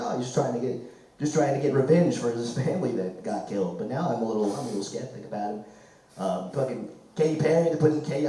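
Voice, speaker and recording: A man doing a loud, crude stand-up set, his voice going hoarse. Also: mid-range voice. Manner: loud, crude, rambling jokes. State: losing his voice. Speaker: stand-up comic. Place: comedy club stage. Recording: echoey room, mic far off.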